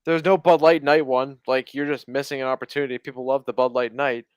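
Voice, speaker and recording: A man's voice: medium pitch, little pitch movement, fast talker, clean tone, no room sound. A young man co-hosting a sports podcast, blunt and opinionated in casual chat. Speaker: podcast co-host.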